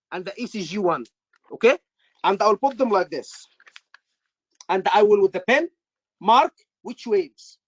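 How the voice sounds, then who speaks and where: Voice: mid-range voice, fairly bright tone, dull audio. An instructor teaching a live class, repeating key points and quizzing the students with short questions. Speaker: medical exam instructor.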